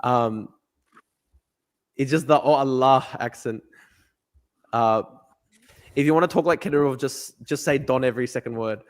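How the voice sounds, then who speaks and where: A young man hosting a livestream, excitable and profane, reading viewer comments aloud. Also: mid-range voice, normal speed, pauses often. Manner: excitable, profane, laughing, reads chat aloud. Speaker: livestream host.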